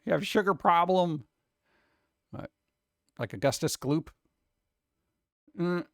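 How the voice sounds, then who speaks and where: Male stream host, casual and self-mocking chat; smooth, dry close-mic sound. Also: a little high, lively intonation, moderate pace, pauses often, no echo. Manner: rambling, joking, self-deprecating. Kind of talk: casual chat reading viewer comments.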